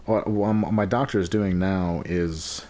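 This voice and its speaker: Halting, subdued young man, low voice. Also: fairly even intonation, dark tone. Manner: halting, full of fillers and restarts. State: subdued and sluggish. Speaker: podcast co-host. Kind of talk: casual podcast chat.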